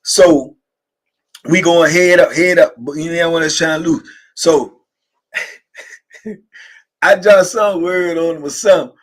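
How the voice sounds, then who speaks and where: A man's voice: on the high side, unhurried, pauses often. Laughing man spinning casual stories. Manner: laughing, loose conversational storytelling with frequent asides. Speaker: livestream host reading viewer comments. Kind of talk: casual storytelling to a live chat.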